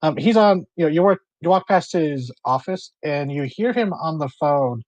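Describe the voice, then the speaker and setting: A man's voice: fairly high pitch, expressive, moderate pace, darkish tone, no echo, highs cut off. A man working as game master and narrating a tabletop role-play game, rambling with fillers and restarts.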